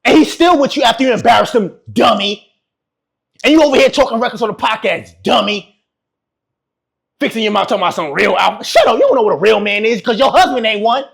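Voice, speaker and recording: A man's voice: very high-pitched, lively intonation, fast, gravelly, a bit bright, husky. A man giving brash, mocking reaction commentary. He laughs often and keeps repeating his insults. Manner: laughs often while talking. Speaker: YouTube relationship commentator.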